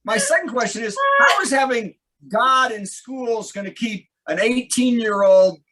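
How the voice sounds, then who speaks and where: A man's voice: very high-pitched, measured pace, pushed and bright. A man hosting a comedy show, speaking bluntly and indignantly in casual banter.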